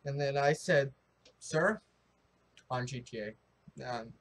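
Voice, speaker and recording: A young man from the United States rambling excitably in a casual opinion vlog, full of restarts and fillers. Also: medium pitch, slow pace. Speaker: vlogger.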